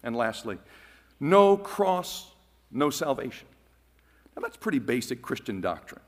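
Pastor, man, sermon delivery; emphatic, drops to a hush, pitch swings widely. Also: sing-song, a little slow, in a large hall. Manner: emphatic, swinging from loud declarations to hushed phrases.

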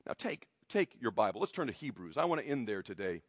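A male pastor preaching a sermon, emphatic, slowing down for stress and dropping to quiet lines at key moments. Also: very animated, no room sound, studio quality. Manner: emphatic, varies pitch and loudness widely, slows for stress.

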